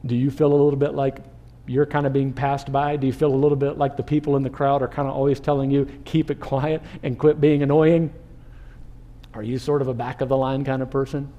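A man preaching a sermon as pastor, animated, asking the listeners questions and acting out crowd voices. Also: medium pitch, fast, muffled recording.

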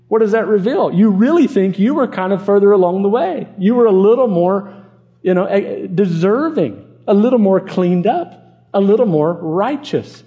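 Mellow earnest preacher man. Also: high-pitched, animated, moderate pace, highs cut off. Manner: earnest, emphatic, repeats words for stress. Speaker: pastor. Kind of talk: expository sermon.

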